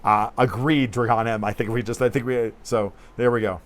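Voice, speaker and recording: A man's voice: mid-range voice, steady tone, normal speed. A man hosting a casual political livestream, talking bluntly and profanely in a rambling way and reading viewer comments aloud. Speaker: livestream host.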